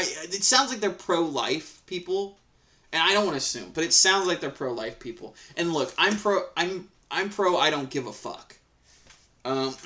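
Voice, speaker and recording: Brief: slightly high-voiced man, heated profane rant, rambling restarts, casual reaction commentary. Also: pushed and bright. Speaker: Reddit story reader and commentator.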